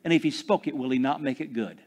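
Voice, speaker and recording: A man preaching a sermon, swinging between loud proclamations and hushed, drawn-out phrases, calling out to the congregation for responses. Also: medium pitch. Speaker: pastor.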